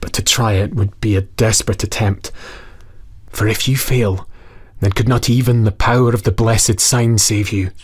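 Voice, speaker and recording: A man voicing a small, sorrowful grizzled old goblin who pleads in a hushed voice and often whispers. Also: fairly low pitch, fairly even intonation, normal speed, breathy edge. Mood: whispering.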